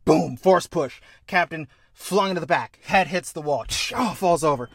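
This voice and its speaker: A young man chatting casually, acting out a story pitch with quick voice changes and swearing. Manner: acts out scenes with quick voice changes. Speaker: podcast co-host pitching a story. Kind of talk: animated storytelling chat.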